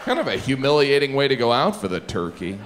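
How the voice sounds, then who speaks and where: Middle-aged male stand-up comic, animated and slightly high voice, live club recording with clear audience noise. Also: some chatter behind. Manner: quick shifts into silly character voices. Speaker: stand-up comedian. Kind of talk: stand-up comedy. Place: stage before a laughing audience.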